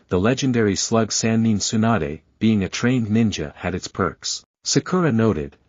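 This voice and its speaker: A man reading a fan fiction story aloud as narrator, in a steady, even storytelling manner. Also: fairly low pitch, slightly rough, dry recording. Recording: dull lo-fi sound.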